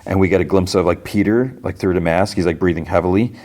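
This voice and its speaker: Casting note: podcast host, low voice, loose rambling recap. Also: male voice, fast, dark tone. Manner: rambling, filler-heavy storytelling. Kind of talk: casual episode recap.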